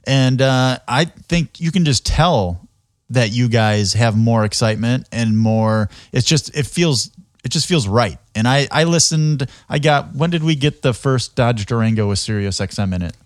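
A man's voice: medium pitch, expressive, moderate pace, dry recording, studio quality. A man hosting a casual interview, rambling through his questions and laughing a lot. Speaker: podcast host.

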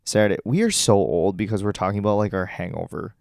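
A man's voice: lowish voice, fast talker, gravelly, a little mellow, smooth, dry recording, studio quality. A young man co-hosting a podcast at home, talking in a chatty, casual way and laughing easily. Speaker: podcast co-host. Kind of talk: casual chat.

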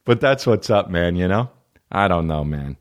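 A young man hosting a comedy podcast, ranting profanely, jumping between loud high bursts and low mumbled asides. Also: lively intonation, normal speed. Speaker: podcast host. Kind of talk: solo comedic podcast rant.

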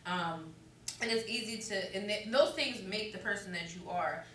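Bright-voiced reflective woman in her thirties. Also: medium pitch, normal speed. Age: 30s. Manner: reflective, frank, with frequent ums and profanity. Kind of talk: casual chat. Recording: echoey room, mic at a distance, faint noise.

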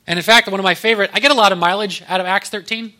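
Guy preaching a sermon, kinda high pitched, cracks little jokes as he goes. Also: steady tone, rapid-fire, bright, forceful tone. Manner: conversational, joking asides. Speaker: pastor.

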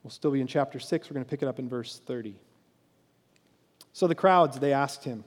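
A pastor preaching a sermon, telling the story with animated crowd voices. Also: male voice, medium pitch, fairly quick, long pauses, big-room sound.

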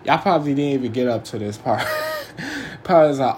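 A man's voice: mid-range voice, normal speed, darkish tone, echoey room, a little hiss or hum. A man preaching an informal online sermon, fervent and direct, often repeating and restarting his words.

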